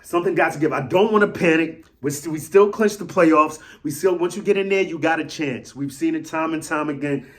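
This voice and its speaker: A man rambles through animated solo commentary as a fan vlogger, repeating himself and swinging between loud and soft. His fairly high voice moves briskly with hardly any pauses.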